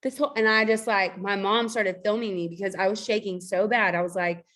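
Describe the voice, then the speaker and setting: A woman's voice: mid-range voice, fairly even intonation, a little fast, fairly bright tone. A woman who leads a network marketing team, giving a casual motivational talk on a video call in a chatty, emphatic way, full of fillers.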